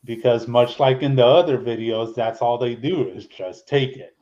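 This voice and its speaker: A man's voice: mid-range voice, normal speed, mellow, lo-fi sound. A man hosting a podcast in casual chat, annoyed and swearing freely. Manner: annoyed and profane. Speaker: podcast host.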